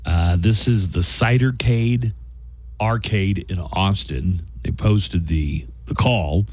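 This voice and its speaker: A man's voice: low-pitched, slow pace, a little mellow, no echo. A man hosting a radio show, easygoing and relaying news stories in chat. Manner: easygoing, storytelling news reader.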